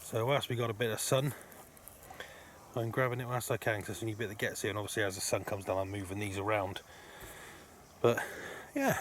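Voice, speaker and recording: A man filming his fishing trip by a lake, breathless and excited as he talks over his catch. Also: medium pitch. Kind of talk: excited outdoor vlog chat. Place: outdoors by a lake. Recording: outdoor recording with loud background noise.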